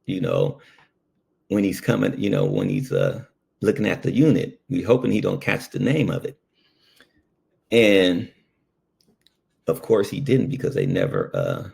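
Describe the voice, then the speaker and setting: A man's voice: sits low, gravelly. A man and former ambulance worker telling a personal story in a casual way, full of fillers and asides. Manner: animated, lots of fillers.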